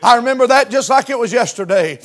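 A man in his fifties preaching a sermon with fervent delivery that swells into shouts and whoops. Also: extremely high pitch, expressive, fast. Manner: fervent Southern-style preaching, rising to shouts.

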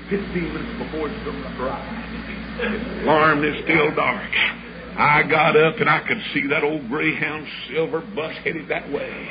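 Folksy preacher telling a story. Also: male voice, fairly high pitch. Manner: folksy, dramatic, acts out every voice in the story. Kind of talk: storytelling sermon. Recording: muffled old sermon recording with hiss.

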